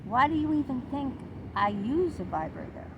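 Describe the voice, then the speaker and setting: A middle-aged woman vlogger telling a personal story in an indignant, animated, exclaiming way. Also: sits high, normal speed, dull audio, background noise. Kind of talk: confessional storytelling to camera.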